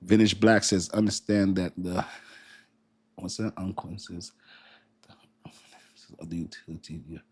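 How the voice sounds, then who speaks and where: Husky-voiced man on a casual livestream. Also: sits low, unhurried, pauses often. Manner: animated, laughing often, preachy and colloquial. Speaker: crypto livestream host. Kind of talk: casual livestream chat reading comments.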